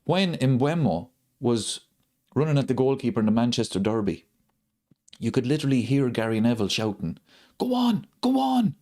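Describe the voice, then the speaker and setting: A man's voice: medium pitch, a little fast, darkish tone. Man ranting, repeating every point. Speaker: host of a football watchalong channel. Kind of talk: live stream chat.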